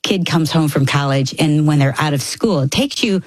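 A middle-aged woman co-hosting a faith conversation, telling stories in an animated way and acting out what people said. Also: low voice, normal speed, dry recording. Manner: animated storyteller, acts out quotes.

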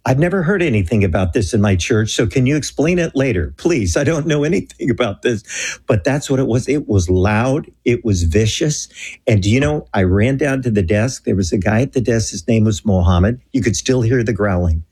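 A man telling a story in an earnest, animated way on a Christian talk show, acting out the dialogue. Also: mid-range voice, normal speed, slightly rough. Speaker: guest telling a mission story.

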